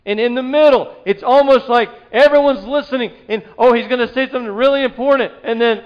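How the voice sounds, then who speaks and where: A man preaching a sermon, telling the story with animated delivery and acting out the quoted voices. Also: very high voice, a little fast, few pauses, clean tone, dull audio. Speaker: pastor.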